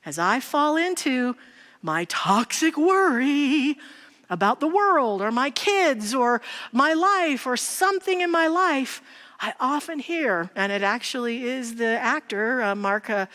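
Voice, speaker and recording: A woman's voice: sits high, expressive, measured pace. Woman preaching in a reverberant church. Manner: warm conversational storytelling, rhetorical questions. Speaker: minister. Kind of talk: sermon. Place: large church sanctuary. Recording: long hall reverb in a church.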